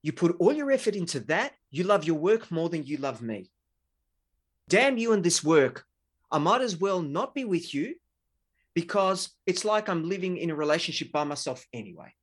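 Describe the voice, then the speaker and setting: A man's voice: fairly high pitch, big pitch swings, normal speed, pitched above the performer's own voice. A man voicing a hurt partner who sharply accuses their other half of neglect, raising his voice above his usual talk. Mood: bitter, accusing. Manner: accusing, raised voice.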